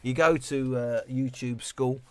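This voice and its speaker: A man's voice: mid-range voice, steady tone, a little slow, a bit bright, clean tone, dry recording. Chatty British man in his fifties. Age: 50s. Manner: chatty, rambling, swears freely, reads chat aloud. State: tipsy. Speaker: live streamer. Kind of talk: casual live-stream chat reading comments.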